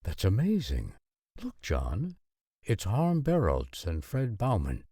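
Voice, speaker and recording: A man's voice: fairly low pitch, huge pitch swings, slow, mellow, slightly rough, dry recording, clean studio sound, heavily acted. A man voicing a middle-aged father who speaks earnestly and with emphasis. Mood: amazed. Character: middle-aged Dutch father, a man, warm then alarmed.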